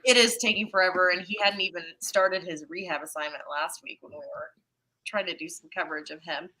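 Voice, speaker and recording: Bright-voiced woman in a sports chat. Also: fairly low pitch, steady tone, low-quality recording. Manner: measured, thinks aloud with "um" pauses. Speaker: podcast co-host. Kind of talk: casual sports roundtable chat.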